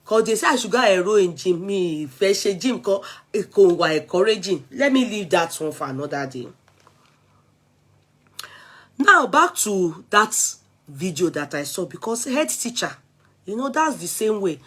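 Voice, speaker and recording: A Nigerian woman vlogger in an animated, chatty rant, switching freely between English, Yoruba and pidgin. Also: medium pitch, moderate pace.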